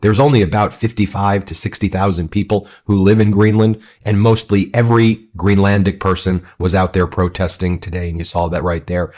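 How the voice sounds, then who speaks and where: A man's voice: deep voice, little pitch movement, a little fast, few pauses, a little mellow. A man giving political news commentary in an emphatic, indignant way.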